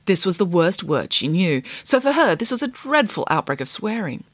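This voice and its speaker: A woman reading a comic storybook aloud with lively, theatrical comic timing. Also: lowish voice, moderate pace, no echo.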